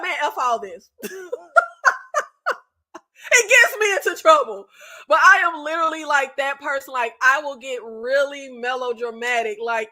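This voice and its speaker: A woman with a high, bright voice chats casually with her viewers on a live stream. She talks in an animated, unfiltered way, swears freely and circles back with fillers and restarts. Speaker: YouTube host. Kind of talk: casual live chat with subscribers.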